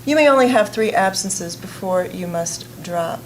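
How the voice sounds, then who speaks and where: A woman's voice: on the low side, expressive, measured pace, a little hiss or hum, rough recording. A woman student recounting a frustrating class in a personal vlog.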